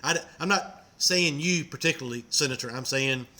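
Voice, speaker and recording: A man's voice: medium pitch, normal speed, pushed and bright. A man who co-hosts a podcast and runs businesses, talking earnestly and with frustration, stumbling over his words. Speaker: podcast co-host, business owner. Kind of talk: casual political talk.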